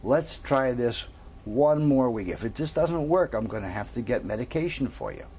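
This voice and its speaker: A man's voice: medium pitch, animated, normal speed, darkish tone, a little hiss or hum, close to an everyday voice. A man voicing a worried male psychiatrist who coaxes his patient, in a told joke. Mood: fretful. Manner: worried, coaxing. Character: fretful middle-aged male psychiatrist.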